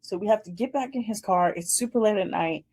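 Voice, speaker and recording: A woman's voice: mid-range voice, a little fast, darkish tone, husky. A woman in her twenties hosting a casual chat show, animatedly telling a dating story and acting out the scenes. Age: 20s. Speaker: host.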